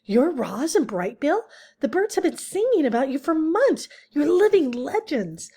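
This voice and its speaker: A woman voicing a friendly, chatty female skunk in a storybook reading, with a high, eager voice. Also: animated, normal speed, a little mellow, lightly acted. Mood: excited.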